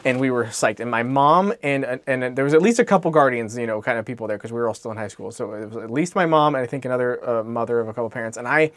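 A man's voice: medium pitch, quick pace, few pauses, dry recording. A man co-hosting a podcast, telling a long story in a casual, rambling way and often correcting himself. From Alaska.

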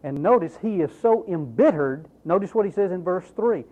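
Male preacher, sermon, highish voice with swooping emphasis, tinny narrow recording. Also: normal speed, few pauses. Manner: animated, emphatic preaching with rhetorical questions. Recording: tinny, phone-like narrow sound.

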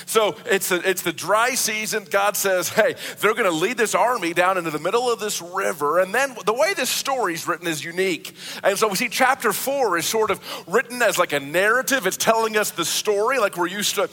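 High, bright-voiced preacher in a hall. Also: male voice, lively intonation, a little fast. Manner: earnest preaching with frequent restarts and repeated words. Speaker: pastor. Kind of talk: sermon.

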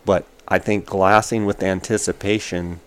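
A man's voice: deep voice, fairly even intonation, normal speed, a bit bright. A man hosting a hunting talk show, giving advice in short, emphatic, repeated phrases and acting out quoted exchanges. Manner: acts out quoted exchanges with a raised voice. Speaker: hunting podcast host. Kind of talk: casual chat.

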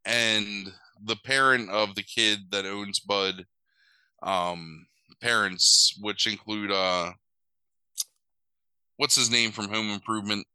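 A man's voice: fairly low pitch, steady tone, slow pace, long pauses, pushed and bright, smooth, no echo, rough recording. A young man casually recapping a movie plot, rambling with lots of fillers and wry asides.

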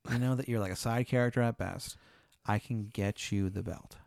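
Guy putting on a pushy wizard in a terrible maryland accent, wheedling and urgent, smooth voice, dry sound. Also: lowish voice, steady tone, normal speed, darkish tone, no echo. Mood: pressing. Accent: bad put-on Maryland accent. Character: pushy male wizard with an awful local accent.

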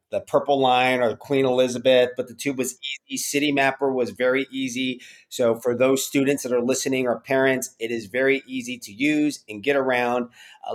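A man hosting a podcast, asking his guest long, conversational questions in several parts. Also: mid-range voice. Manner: conversational, asks long multi-part questions. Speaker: podcast host. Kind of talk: interviewing a guest.

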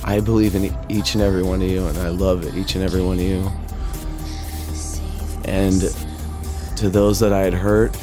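A man hosting a podcast who gives a halting, choked-up farewell to his listeners, swearing often. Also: low-pitched, little pitch movement. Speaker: podcast host. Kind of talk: emotional farewell message to listeners. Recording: music playing clearly underneath.

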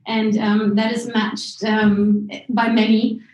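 A woman's voice: on the high side, little pitch movement, takes it slowly, a little mellow, dull audio. A woman guest on a video call, talking business with many hesitations and restarts. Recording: roomy echo.

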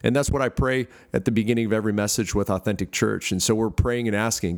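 Earnest low-voiced male pastor preaching. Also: fairly even intonation, fairly quick, few pauses. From United States. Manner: earnest preaching with fillers and restarts. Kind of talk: podcast sermon.

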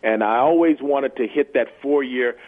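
A man's voice: medium pitch, normal speed. A man in his sixties, a former football player, speaking earnestly as a guest in a phone interview and often repeating words as he searches for them. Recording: tinny phone line.

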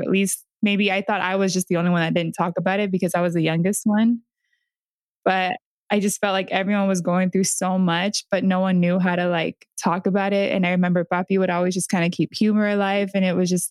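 Flat-voiced thoughtful woman. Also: fairly low pitch, dry recording. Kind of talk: casual podcast conversation.

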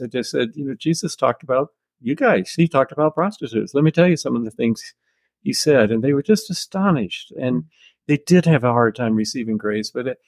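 Soft-spoken older American man, dry close sound. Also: mid-range voice, dry recording. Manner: measured, thoughtful storytelling with soft chuckles. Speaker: author being interviewed. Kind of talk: reflective interview answers.

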